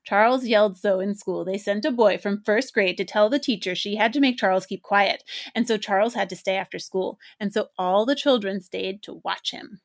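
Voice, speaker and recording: A brash little boy who brags and sneers, pitched a little high and pushing his voice. A woman reads him out in a storybook voice, eager and loud. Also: normal speed, few pauses, close to an everyday voice. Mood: excited. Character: bold young schoolboy, cheeky and boastful.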